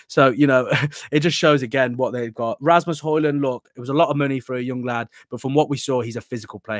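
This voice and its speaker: A man's voice: on the low side, no echo, studio quality. A man hosting a live football fan show, talking passionately and opinionatedly, with rambling asides.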